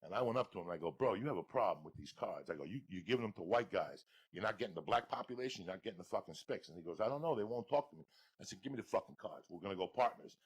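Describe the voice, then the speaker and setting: A man with a New York accent tells raucous, profane stories as a podcast guest. His voice is husky and gravelly, with a lot of fry. He talks fast, and his pitch leaps around as he gets worked up. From Cuba. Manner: profane, animated, booming laughs. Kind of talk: storytelling on a podcast.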